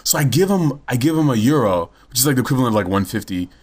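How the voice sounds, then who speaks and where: A man's voice: medium pitch, animated, rapid-fire, a little mellow, husky. A young man telling a story in casual podcast chat, blunt and swearing freely. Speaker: podcast co-host.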